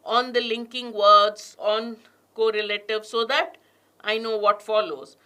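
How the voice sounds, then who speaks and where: A woman leads an online exam prep lesson. Her voice is bright and a little high. She reads passages slowly and deliberately, leaning hard on linking words, then turns to quiz her students. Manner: reads passages aloud with strong stress on linking words, asks the class questions. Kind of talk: online class lecture.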